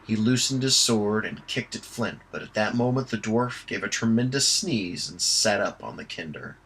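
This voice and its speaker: A man reading an audiobook aloud in a steady storytelling voice. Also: fairly low pitch, normal speed, breathy edge, low-quality recording. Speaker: audiobook reader. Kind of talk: amateur audiobook narration.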